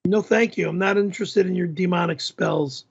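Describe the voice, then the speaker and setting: High, gravelly man, flustered and indignant. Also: normal speed, highs cut off. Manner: indignant, flustered, repeats and stammers. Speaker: livestream host. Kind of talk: reacting to viewer messages on a live stream.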